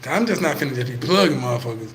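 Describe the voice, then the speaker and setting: A man's voice: medium pitch, expressive, very fast, fairly bright tone, slight background noise, poor audio. A man vlogging, telling a story to his viewers in profane, laid-back street talk.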